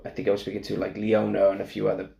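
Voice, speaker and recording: A man's voice: lowish voice, monotone, rapid-fire, creaky, mellow. A man co-hosting a podcast, telling a backstage story in casual chat, acting out the quotes and laughing often. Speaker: podcast co-host.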